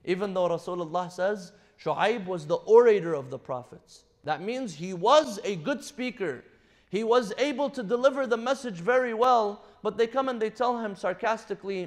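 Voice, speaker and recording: A man's voice: sits high, lively intonation, normal speed. A man giving a Ramadan night sermon, telling a prophet's story and reciting verses between his retellings. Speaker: imam. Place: mosque or Islamic center.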